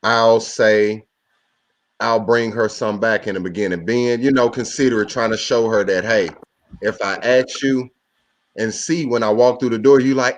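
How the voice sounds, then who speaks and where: A man's voice: mid-range voice, moderate pace. A man with an average, mid-range voice speaks on a casual group video call, telling a story with a lot of energy. He builds his points step by step and stays conversational. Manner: animated storytelling, acts out quotes. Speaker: podcast co-host.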